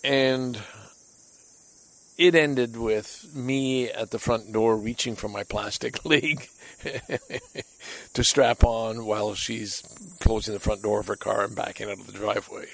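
A man's voice: lowish voice, flat delivery, a little slow, creaky, rough recording. A man on his home deck, telling a candid, rambling, self-critical personal story in a casual monologue.

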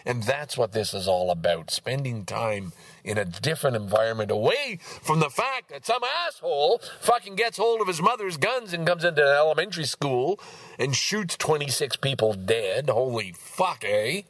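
Man in his sixties, husky, animated delivery with big pitch swings, casual ranting vlogger, dry sound. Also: normal speed, no room sound. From Canada. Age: 60s. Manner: profane, ranting, swings between loud outbursts and low mutters. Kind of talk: casual rambling monologue. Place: outdoors in a park.

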